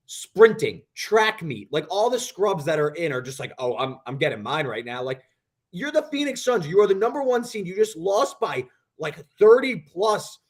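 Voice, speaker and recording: A young man co-hosting a sports betting show, telling a long story in an animated, rambling way. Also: high-pitched, normal speed. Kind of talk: casual podcast chat.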